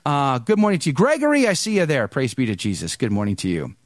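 A man's voice: mid-range voice, huge pitch swings, fast, no echo, clean studio sound. A man hosting a live podcast, greeting viewers in the chat one by one by name before he brings in his guest. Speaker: podcast host.

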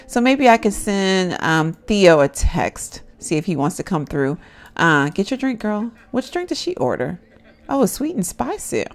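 A young woman gives casual, chatty commentary as she plays a life-simulation game. She laughs often and talks straight to her viewers. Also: fairly low pitch. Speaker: gameplay commentator. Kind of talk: casual let's-play commentary.

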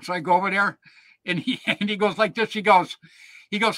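Chatty host guy, high bright voice, tells stories all animated, dry close sound. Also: normal speed, dry recording. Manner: animated yarn-spinner, peppers lines with "man" and "right?". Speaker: show host. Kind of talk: casual storytelling chat.

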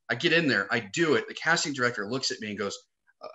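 Bright-voiced man telling animated stories. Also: medium pitch, fast. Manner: animated storyteller, swears freely, acts out quotes. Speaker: podcast guest, actor and comedian. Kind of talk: casual chat, storytelling.

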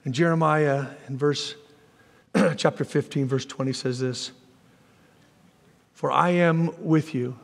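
A man preaching a sermon as pastor, animated, with folksy asides to the congregation and sudden shouted lines. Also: fairly high pitch, in a large hall. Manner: animated preaching, jumps to shouts when voicing God.

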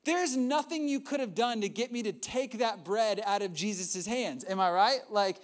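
A young adult man preaching a sermon as a pastor, retelling a story in an animated way with asides and acted-out quotes. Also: high-pitched, normal speed.

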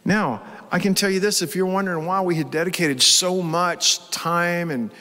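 A man's voice: high-pitched, fairly even intonation, normal speed, pushed and bright, in a large hall. A man preaching a sermon as pastor, telling a story with strong emotion. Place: church hall with live congregation.

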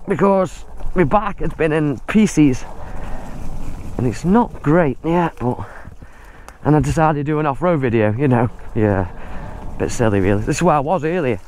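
A man's voice: on the high side, darkish tone, slight background noise. A man, out of breath, giving chatty running commentary while riding an e-bike through muddy woods outdoors. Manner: chatty, exclaims at the mud.

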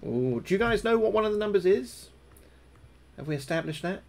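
A man commentates live on a horror game, chatting to viewers between bursts of panic. His voice sits a little high, he swears often, and he yelps when something jumps out at him. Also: brisk, creaky. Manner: excitable, swears a lot, yelps when scared. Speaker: streamer.

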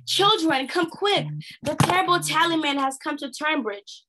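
A woman's voice: fairly high pitch, moderate pace, fairly bright tone, lightly acted. A woman voicing a fierce, dramatic frontier mother who exclaims theatrically. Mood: alarmed.

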